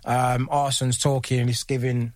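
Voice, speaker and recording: A man's voice: medium pitch, level tone, measured pace, a little mellow, no echo, clean studio sound. A man, a former footballer, telling a casual story as a podcast guest. He laughs often and acts out what other people said.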